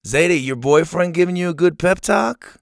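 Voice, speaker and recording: A man's voice: a little high, moderate pace, creaky, dry recording, studio quality, voice pushed up. A man voicing a cruel, taunting bully boy at camp. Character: sneering bully boy camper.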